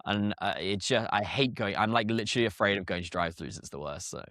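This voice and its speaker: A young man with an English accent chats as a podcast guest, breaking into small laughs and restarting his sentences. His voice sits low, and the sound is close and dry with no room echo. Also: fairly bright tone. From England. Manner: chatty, laughing asides, quick restarts. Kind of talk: casual interview chat.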